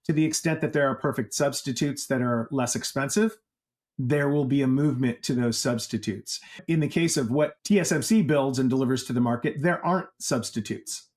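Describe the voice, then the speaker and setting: A man's voice: medium pitch, a little fast, a little mellow. A man speaking as an industry analyst in an interview, conversational and emphatic, with many fillers. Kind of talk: interview answers.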